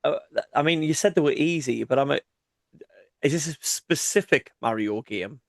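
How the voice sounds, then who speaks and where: A man's voice: on the high side, lively intonation, normal speed, no echo, studio quality. A man in his thirties co-hosting a gaming podcast, joking and playfully defensive in casual banter. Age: 30s. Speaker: podcast co-host.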